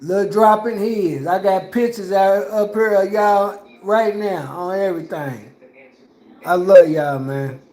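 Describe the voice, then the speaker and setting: A man's voice: sits high, slow pace, mellow, roomy sound, rough recording. A man livestreaming from home in a rambling, repetitive, slangy way. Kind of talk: casual livestream talk. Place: at home indoors.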